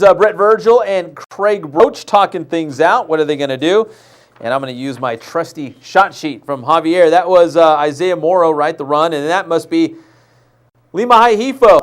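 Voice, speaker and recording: A man hosting a live studio show, talking over high school football highlights in a loose, chatty way and joking with his crew. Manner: loose and chatty, jokes with crew, stumbles on names.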